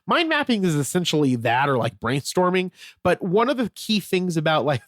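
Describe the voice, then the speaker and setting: A man's voice: fairly high pitch, no room sound, clean studio sound. A man hosting his own podcast, talking casually in a rambling way with many fillers and restarts. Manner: rambling, filler-heavy, self-correcting. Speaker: podcast host. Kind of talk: casual solo podcast talk.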